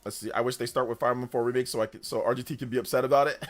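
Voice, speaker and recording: A man's voice: mid-range voice, very fast, few pauses, soft background music. A man hosting a live stream, chatting casually, reading out chat messages and thanking viewers, often laughing. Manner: animated, reads chat aloud, laughs often. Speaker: livestream host.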